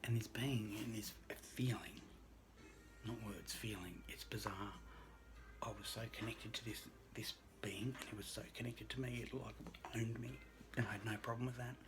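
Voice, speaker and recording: A man who works as a registered nurse, telling a personal story in an earnest, halting way that often drops to a hushed near-whisper. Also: medium pitch, flat delivery, music in the background. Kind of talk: personal story told to camera.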